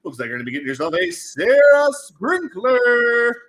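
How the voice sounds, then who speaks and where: A man hosting a casual livestream at home, running prize wheel spins in a goofy, animated way and slipping into silly voices. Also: mid-range voice, very fast. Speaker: livestream host running giveaways.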